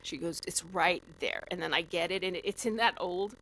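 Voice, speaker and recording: Animated woman telling a story. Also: on the low side, normal speed, low-quality recording. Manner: animated, vivid storyteller with many fillers. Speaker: podcast guest. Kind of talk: casual storytelling.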